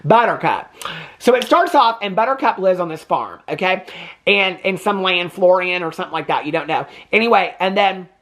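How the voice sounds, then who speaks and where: Male reviewer in his fifties, chatty and digressive, with a very animated voice. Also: sits high. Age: 50s. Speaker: movie reviewer. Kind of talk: casual chat.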